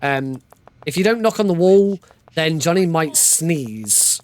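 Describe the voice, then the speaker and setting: A man's voice: fairly high pitch, animated, takes it slowly, darkish tone. A man giving casual, joking live commentary while playing through a video game speedrun. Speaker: speedrunner streamer. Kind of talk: live commentary over gameplay.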